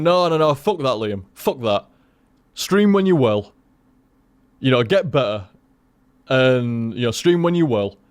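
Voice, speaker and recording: A man's voice: medium pitch, darkish tone. A young man chatting casually to his stream viewers, rambling and swearing with lots of restarts.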